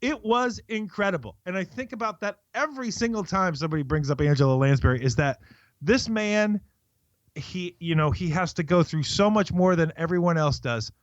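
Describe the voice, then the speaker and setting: A man's voice: sits high, normal speed, dry recording. A middle-aged man co-hosting a movie podcast, telling long rambling stories in casual chat. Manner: rambling storyteller, chatty and self-interrupting. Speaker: podcast co-host. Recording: dry, slightly dull lo-fi sound.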